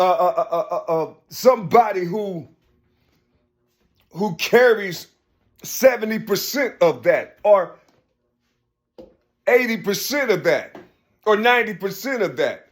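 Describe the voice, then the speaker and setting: A man delivering a rambling personal monologue. He keeps repeating "you see," stumbles and restarts, and swings from low murmurs to raised, emphatic bursts.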